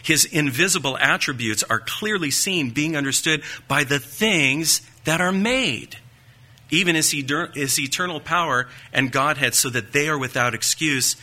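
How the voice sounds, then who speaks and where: Male preacher, sermon, piercing forceful voice, emphatic rhetorical questions. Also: mid-range voice. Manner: folksy asides and light joking. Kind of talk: sermon teaching.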